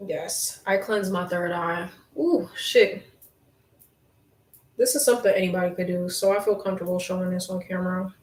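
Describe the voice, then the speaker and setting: A young woman hosting a casual livestream from home, reading viewer comments and chatting, with a strong voice that has some bass to it. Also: steady tone, moderate pace, a little mellow, far from the mic, slight background noise. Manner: chatty, reads viewer comments aloud, laughs often. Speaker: livestream host. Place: room at home. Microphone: laptop mic. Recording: echoey room, talking from off the laptop mic.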